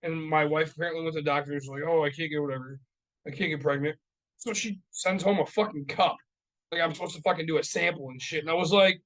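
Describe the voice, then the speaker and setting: Fast and a bit bright, with a voice on the high side, this thirties-aged podcast co-host rants profanely and heatedly through his stories. The casual studio chat comes through on a low-quality recording.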